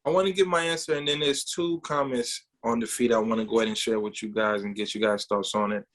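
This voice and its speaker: A man co-hosting a podcast, telling a personal story in an animated way and often repeating words. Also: fairly low pitch, fast talker. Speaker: podcast co-host.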